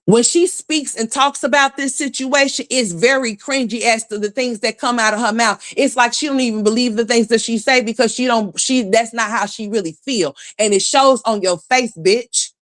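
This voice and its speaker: A woman's voice: fairly high pitch, moderate pace, hardly any pauses. A woman hosting a livestream, delivering a blunt, scornful, profane commentary rant and greeting chat viewers by name as she goes. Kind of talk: ranting gossip commentary.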